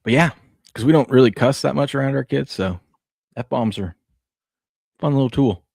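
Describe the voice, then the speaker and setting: A man in his thirties co-hosts a casual sports show, chatting easily and telling family stories with plenty of laughs. He's a laid-back storyteller who laughs a lot. His mid-range voice is gravelly and a little mellow at normal speed, in a dry, clean studio recording.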